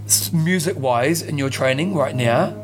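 A man co-hosting a casual chat, playful and teasing, easily excited. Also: fairly high pitch, unhurried. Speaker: podcast co-host. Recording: music playing in the background.

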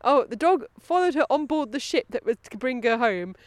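Woman podcast host, higher pitch, giggly, casual, close dry sound, outdoor walk. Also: animated, fairly quick, dry recording. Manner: giggly, chatty, breaks off with asides. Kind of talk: casual outdoor chat and reading aloud. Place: outdoors on a woodland path.

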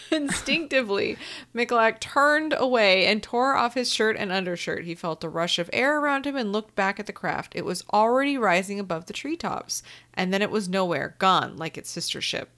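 A woman's voice: mid-range voice, animated, moderate pace, fairly bright tone. Dry, blunt woman telling a story. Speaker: podcast co-host. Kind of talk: casual chat, reading a story aloud.

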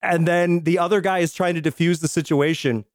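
A man co-hosting a casual film podcast, retelling scenes in an animated way. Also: fairly high pitch, a little fast, no room sound, clean studio sound. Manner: animated storyteller, acts out scenes. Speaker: podcast co-host.

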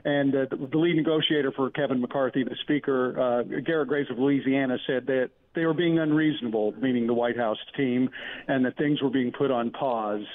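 Man, field reporter, plainspoken, mid pitch, tinny phone line. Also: fairly even intonation, a little fast. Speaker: congressional reporter. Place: corridor of a government building.

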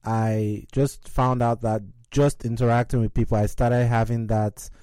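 A woman co-hosting a podcast in casual, teasing conversation, cracking quick jokes. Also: extremely low pitch, level tone, dark tone, clean tone, dry recording.

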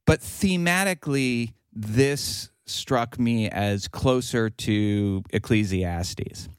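A man's voice: medium pitch, slow, clean tone, no room sound, clean studio sound. A man on a casual film discussion panel, retelling a story at length with lots of fillers. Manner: long retelling of a story with acted quotes, many fillers. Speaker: podcast panelist.

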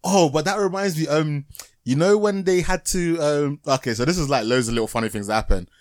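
A man's voice: a little high, a little fast, no room sound. A man hosting a podcast, rambling through a TV show review in casual chat, laughing often and restarting his sentences. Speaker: podcast host.

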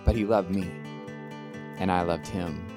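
A man's voice: sits low, steady tone, measured pace, over music. A man on a church panel telling a short personal story in a casual way, filling his speech with "like". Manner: casual, lots of "like". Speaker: panel member.

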